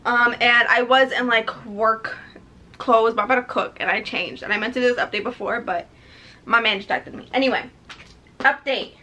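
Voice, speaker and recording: High bright-voiced chatty woman vlogger. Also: fairly even intonation, moderate pace, slight background noise. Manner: chatty and effusive, with many "like" and "um" fillers. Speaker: book vlogger. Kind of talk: casual vlog chat.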